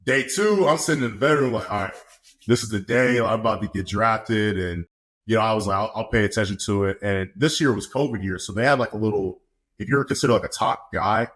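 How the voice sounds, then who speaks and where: A man's voice: lowish voice, fairly bright tone. A man in his twenties, a podcast guest, telling a story casually with easy laughs. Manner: laid-back, laughs often, fillers like "man". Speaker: podcast guest, football player.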